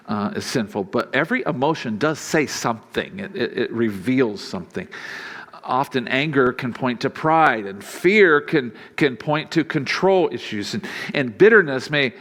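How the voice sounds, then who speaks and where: A male pastor preaching a sermon in a relaxed, conversational way. He chuckles often and acts out quoted lines. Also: on the high side.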